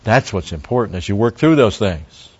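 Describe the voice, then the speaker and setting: A man's voice: fairly low pitch, sing-song, normal speed, darkish tone, husky, muffled recording. A man preaching a verse-by-verse sermon as a Bible teacher, talking conversationally, stopping for Hebrew word study and making wry asides to the congregation.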